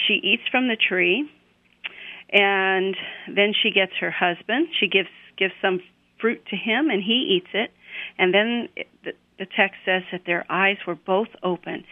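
A woman retelling a scripture passage in a relaxed, conversational way, pausing often with fillers and restarts. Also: mid-range voice, no echo. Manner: unhurried, with frequent fillers and restarts. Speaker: Bible teacher on a radio program. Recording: tinny phone-line radio sound.

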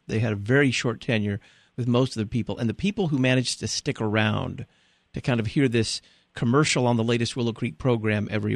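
A man telling a story in a relaxed conversational way, pausing with fillers, then asking a question. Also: mid-range voice, no echo.

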